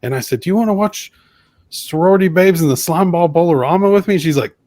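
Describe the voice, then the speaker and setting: A man's voice: a little high, fast talker, a little mellow, dry recording. A man co-hosting a podcast, telling casual stories and mimicking people's voices when he quotes them. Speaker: podcast co-host. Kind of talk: casual chat.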